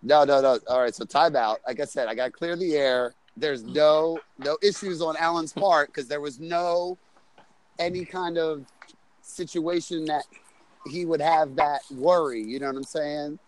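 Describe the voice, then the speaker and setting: A man's voice: fairly high pitch, fairly even intonation, moderate pace, poor audio. A man casually telling a crude story in a rambling, profane way, often checking in with "right?". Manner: rambling, profane, says "right?" and "you know what I'm saying" often. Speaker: storyteller on a group call. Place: on a loud street outside a bar.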